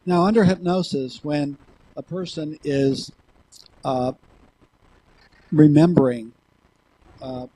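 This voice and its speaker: A man giving a lecture, speaking in a slow, halting way with frequent pauses as he reads from notes. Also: on the high side, steady tone, warm tone, husky, rough recording. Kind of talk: lecture, reading a hypnosis transcript.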